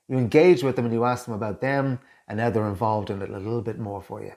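A man's voice: medium pitch, normal speed, darkish tone. An Irish man, a communication coach, talking straight to camera in a chatty way and acting out both sides of everyday small talk. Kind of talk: direct-to-camera coaching tips.

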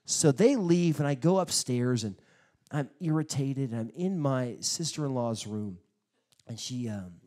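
A male pastor preaching a sermon, telling stories in an animated way, acting out quotes and bursting out loudly at times. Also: mid-range voice, measured pace. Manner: animated storytelling with sudden loud bursts; acts out quotes in his stories.

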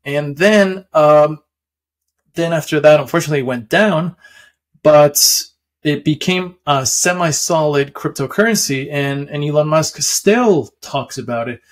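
A man's voice: fairly high pitch, a little slow. A young man casually explaining how stocks work, rambling with many fillers and restarts and chuckling often. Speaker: finance video host.

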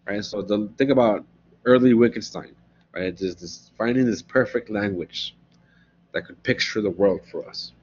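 A man's voice: on the low side, normal speed, slight background noise. A man giving a philosophy lecture in a conversational way, often checking in with "right?" as he explains ideas. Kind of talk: recorded classroom lecture. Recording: dull, lo-fi lecture recording.

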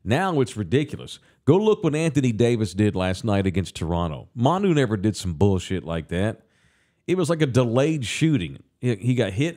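A man's voice: mid-range voice, sing-song, normal speed, darkish tone. A man hosting a casual talk show, ranting profanely and with animation.

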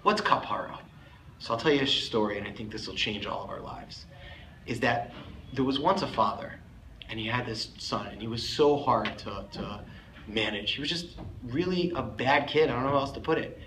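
A man's voice: mid-range voice, normal speed, noisy background. A man giving a sermon as a rabbi, telling a story emphatically and lifting his voice on key words. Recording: echoey room, faint ambience.

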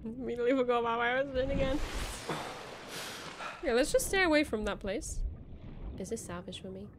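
A woman giving casual, excitable let's-play commentary, chattering to herself and to the creatures she meets. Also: fairly high pitch, fairly quick, noisy background. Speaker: game streamer. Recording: game music under voice. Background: game music.

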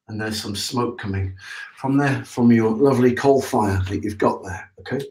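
A man's voice: medium pitch, moderate pace, darkish tone, roomy sound, low-quality recording. A man hosting a casual live broadcast, explaining things step by step in a chatty way and checking in with listeners. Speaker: septic tank business owner hosting a live broadcast.

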